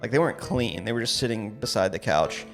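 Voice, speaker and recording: A man's voice: on the low side, expressive, brisk, gravelly, soft background music. A man with a Baltimore accent, co-hosting a podcast in a laid-back, casual way full of fillers. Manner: laid-back, many fillers, drops to quiet asides. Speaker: real estate agent and podcast co-host.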